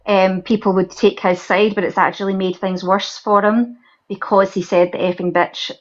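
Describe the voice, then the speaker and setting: A woman speaking at a middling pitch, earnest and rambling as she relays something at length. Her voice arrives through a dull, lo-fi connection. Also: little pitch movement, normal speed. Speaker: live chat participant. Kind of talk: casual group chat.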